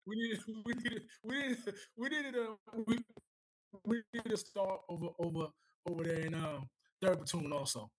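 Middle-aged male guest, husky, slightly higher voice, halting and repetitive. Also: steady tone, poor audio. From United States. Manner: halting, repeats words, warm praise. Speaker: guest, retired first sergeant. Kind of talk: casual conversation.

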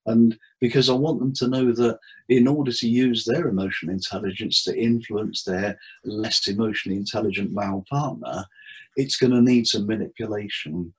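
A man's voice: on the low side, moderate pace, slightly rough, low-quality recording. A man who works as a therapist, chatting in an interview and acting out conversations with his clients as he tells them. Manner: animated storyteller acting out client dialogue. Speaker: therapist guest. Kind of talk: casual interview chat.

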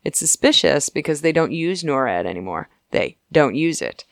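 A woman's voice: low-pitched, sing-song, gravelly, no room sound, studio quality. A woman co-hosting a podcast, chatting casually and rambling with lots of laughs as she recaps a TV episode. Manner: giggly, rambling, puts on quick character voices. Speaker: podcast co-host.

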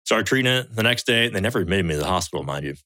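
A man's voice: lowish voice, lively intonation, rapid-fire, sharp tone, dry recording. A man from the United States, a podcast guest, telling a story in blunt, profane casual talk. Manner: blunt and profane, quotes others as he tells it.

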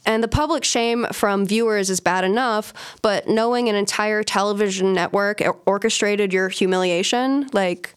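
A woman's voice: mid-range voice, moderate pace, few pauses, smooth. A woman hosting a casual podcast, telling a story in a conversational way with asides. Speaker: podcast host.

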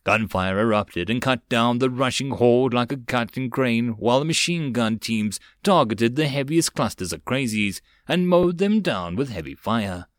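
Male audiobook narrator, steady storytelling, dry close recording. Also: mid-range voice, moderate pace, hardly any pauses, no room sound. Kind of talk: web novel audiobook reading.

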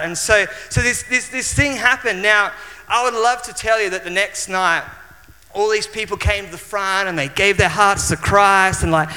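Bright-voiced Australian preacher in a reverberant hall. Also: male voice, sits high. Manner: animated storytelling with frequent restarts. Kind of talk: sermon with personal storytelling. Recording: long reverb of a church hall.

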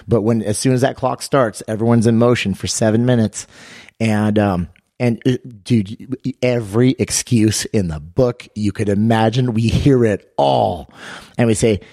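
Deep-voiced energetic man telling a story. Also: normal speed, dry recording, clean studio sound. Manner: energetic storyteller, acts out quotes with raised pitch. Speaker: podcast co-host and fitness coach. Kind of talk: casual podcast storytelling.

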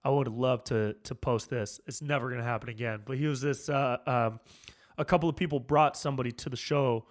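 A man hosting a podcast, ranting casually and profanely, drifting between low mumbled asides and fired-up outbursts. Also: steady tone, brisk. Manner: loose and profane, peppered with "dude", jumps between mumbling and fired-up. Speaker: comedian and podcast host.

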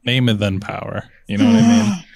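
A man's voice: mid-range voice, big pitch swings, a little fast, creaky, a little mellow. A man hosting a podcast in casual chat, laid-back as he leads a round of questions. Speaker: podcast host.

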